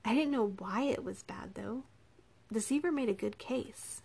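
A woman's voice: on the high side, unhurried, gravelly, darkish tone, slightly rough, exaggerated voice. A woman voicing a troubled young woman in an audiobook, speaking earnestly with a pleading edge. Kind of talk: audiobook character reading.

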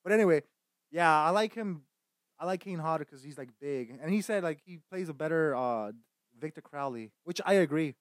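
A man's voice: on the high side, lively intonation, a little fast, no echo. Profane rambling male streamer. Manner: profane, rambling, laughs at own jokes; bursts into loud shouted insults. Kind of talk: casual gaming stream chatter.

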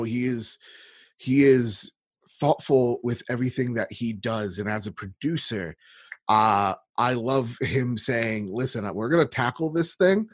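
A man chatting on a podcast about his own gaming show. His voice is a bit husky, and the recording is dry and close. He talks in an animated way, swears casually and laughs easily. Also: mid-range voice, dry recording. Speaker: guest, gaming podcast host.

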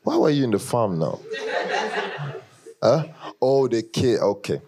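Gravelly African-accented church leader. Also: male voice, mid-range voice, unhurried, a crowd in the background. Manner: animated, teasing, often laughing, chats with the audience. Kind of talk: casual joking talk to a congregation.

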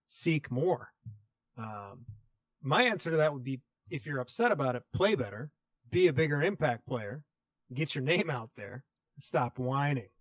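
A man's voice: mid-range voice, no echo. A man co-hosting a casual sports podcast, direct and reasoning step by step. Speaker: podcast co-host.

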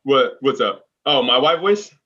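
Bright-voiced male guest, dull audio. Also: mid-range voice, lively intonation, unhurried. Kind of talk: casual podcast conversation.

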